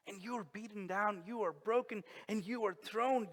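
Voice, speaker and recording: Pastor guy preaching real slow, kinda high voice, big church echo. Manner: slow, emphatic preaching with dramatic pauses and sudden soft drops. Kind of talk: sermon. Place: church sanctuary. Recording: long reverb of a church hall.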